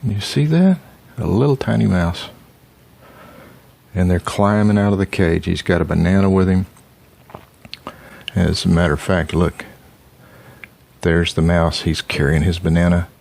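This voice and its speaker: A man's voice: low voice, fairly even intonation, unhurried, vocal fry, pauses often, a little mellow. An older grandfather reading a picture book aloud, stopping to ask the child about the pictures.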